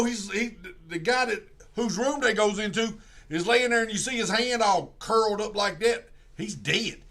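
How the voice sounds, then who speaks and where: A man with a drawl rambles through a movie plot, starting over and over. His voice sits high and sounds bright and forceful. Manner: rambling, drawling retelling with many restarts. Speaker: streamer. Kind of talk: casual storytelling, retelling a movie plot.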